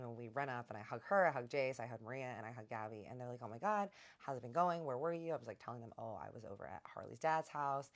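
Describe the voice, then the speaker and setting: A young woman telling a personal story in a chatty, animated way, acting out the others in her own voice. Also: rumbling low. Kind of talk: casual storytime narration.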